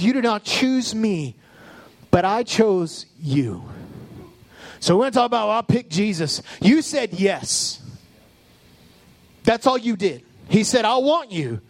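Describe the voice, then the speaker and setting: A male pastor preaching a sermon with passion, building up and then dropping into soft, low asides. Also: no room sound. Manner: impassioned preaching with sudden soft, low drops.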